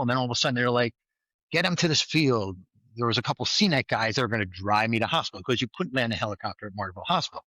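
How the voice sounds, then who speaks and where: Ex-trooper guy telling his story, acts out all the voices, bright and dry. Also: medium pitch, husky, no room sound, poor audio. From New York. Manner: vivid, animated retelling with acted-out quotes. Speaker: guest, former state trooper. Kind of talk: storytelling in a casual interview.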